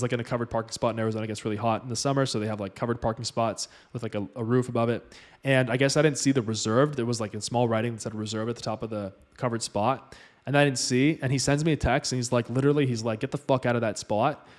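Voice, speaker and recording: A man vlogging, retelling a personal story in loose, casual speech full of "like" and "you know". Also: mid-range voice.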